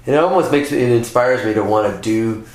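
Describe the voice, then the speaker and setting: Animated male storyteller in an echoey room. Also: mid-range voice, fairly quick. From California, US. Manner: animated storyteller who slips into voices. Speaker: podcast guest. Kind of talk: casual chat.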